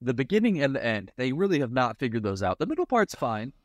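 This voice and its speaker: A man's voice: medium pitch, big pitch swings, fast, dry recording, studio quality. A man co-hosting a podcast in casual chat, complaining in a wry, amused way with acted-out asides. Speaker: podcast co-host.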